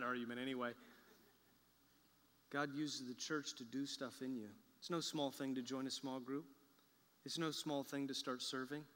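A pastor with a high, bright voice preaches his sermon in a loose, joking, conversational way that swells into excited bursts. His voice rings out with long reverb through a large sanctuary that has a balcony. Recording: echoey large church hall.

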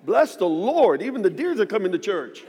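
A man in his fifties, a guest pastor, preaching a sermon in a church with lively, joking storytelling. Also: high voice, a little fast, big-room sound, background noise. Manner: animated storytelling with joking asides. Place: church sanctuary.

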